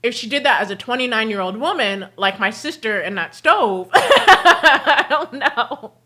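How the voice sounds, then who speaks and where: A young adult woman hosting a livestream, telling family stories in a casual, animated way and laughing often mid-sentence. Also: medium pitch, brisk. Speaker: livestream host. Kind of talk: casual storytelling chat.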